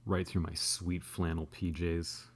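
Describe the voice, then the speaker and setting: A man's voice: deep voice, little pitch movement, measured pace, slightly rough. A man in his thirties telling a comedic, profane, self-deprecating childhood story as a podcast host.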